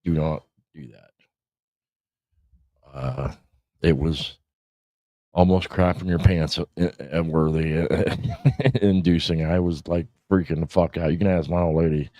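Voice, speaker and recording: Deep, dark-voiced profane man. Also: fairly even intonation, a little slow, long pauses, dry recording, studio quality. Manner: rambling, profane, laughs often. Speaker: podcast host. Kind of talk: casual livestream chat. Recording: dull lo-fi stream audio.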